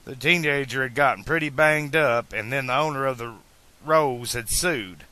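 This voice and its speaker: A man narrating an amateur audiobook at an uneven pace, slowing on some phrases. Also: mid-range voice, bright, forceful tone.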